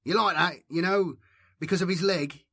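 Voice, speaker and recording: A man voicing a mocking young bully in an audiobook, pitching his voice up into a sneer. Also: normal speed, pushed and bright, husky, no room sound, clean studio sound, heavily acted. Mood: taunting. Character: taunting mean-spirited boy bully. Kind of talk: audiobook character reading.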